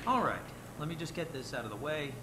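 A man's voice: fairly high pitch, animated, fast, reverberant, heavy background noise, close to an everyday voice. An actor playing a friendly young male researcher who reassures his patient before a scan. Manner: chatty, reassuring, light laughs.

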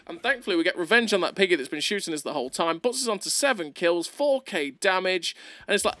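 A man doing excitable, playful gameplay commentary over a video, laughing often, recorded close on a desk mic. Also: high-pitched, a little fast, dry recording.

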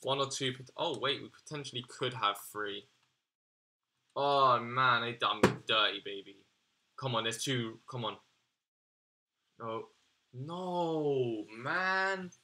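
A man's voice: medium pitch, takes it slowly, pauses often, pushed and bright, a little hiss or hum. A young man giving casual, exasperated gaming commentary, swearing and slangy as he reacts. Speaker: gaming YouTuber.

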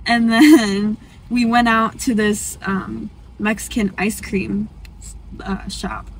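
A woman's voice: medium pitch, fairly even intonation, takes it slowly. A young woman, rambling through a story in a casual car chat, giggling often. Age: young adult. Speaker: vlogger. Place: parked car. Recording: noisy car interior.

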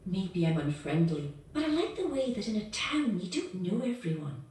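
A woman's voice: medium pitch, big pitch swings, moderate pace, dark tone, natural voice. A woman playing a client looking for a place to rent in a scripted coursebook dialogue, speaking frankly. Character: adult woman client, new to town. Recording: echoey playback heard from far off.

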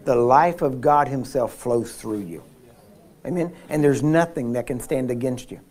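A man's voice: medium pitch, normal speed. A man preaching at a healing seminar, telling personal stories with frequent laughs and restarts. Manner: animated storyteller, laughs often, frequent restarts. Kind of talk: sermon with personal storytelling.

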